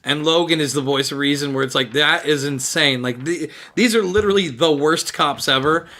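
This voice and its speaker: A man's voice: on the high side, a little fast, sharp tone. A young adult man co-hosting a podcast, joking in casual chat and laughing often. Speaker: podcast co-host.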